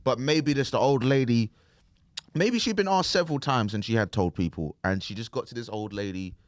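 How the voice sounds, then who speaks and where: A man co-hosting a podcast, rambling and swearing casually in relaxed chat. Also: mid-range voice, a little fast, dry recording, clean studio sound. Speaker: podcast co-host.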